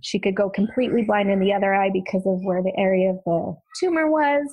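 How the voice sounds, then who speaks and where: A woman speaking at a middle pitch as a podcast guest, recounting a personal ordeal. Her telling is earnest and quick, tumbling forward with restarts and asides. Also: darkish tone, poor audio. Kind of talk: emotional personal storytelling.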